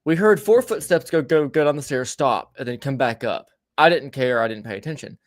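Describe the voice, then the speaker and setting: A man's voice: mid-range voice, animated, a little fast. Swearing, rambling male podcast host. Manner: profane, rambling, frequent restarts. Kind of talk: casual storytelling chat.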